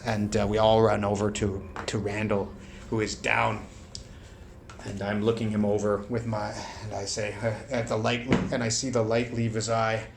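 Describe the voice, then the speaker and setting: Gravelly man narrating a solo tabletop game. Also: lowish voice, steady tone, moderate pace, slight background noise. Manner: rolls dice aloud, bursts into shouted play-by-play.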